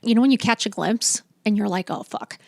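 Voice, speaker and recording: A woman's voice: medium pitch, brisk, creaky, dry recording, clean studio sound. A woman in her fifties, a podcast guest, telling her story candidly and bluntly, swearing freely and acting out what people said. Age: 50s. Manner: blunt, emphatic, swears freely, acts out dialogue.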